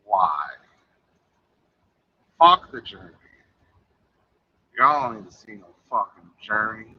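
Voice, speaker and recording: A man's voice: fairly low pitch, big pitch swings, takes it slowly, husky, dull audio. A man in a casual podcast chat, talking in a mumbling, profane way that often trails off.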